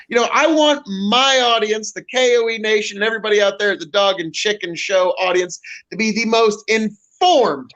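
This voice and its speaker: A man's voice: high-pitched, a bit bright, poor audio. A man co-hosting a casual political podcast, addressing listeners as folks in a showman's manner. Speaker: podcast co-host.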